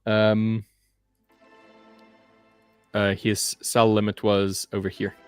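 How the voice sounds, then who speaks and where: A man's voice: on the low side, completely flat delivery, slow, clear, resonant tone, soft background music. A young British man chatting casually as a livestream co-host, teasing with dry remarks. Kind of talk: casual chat.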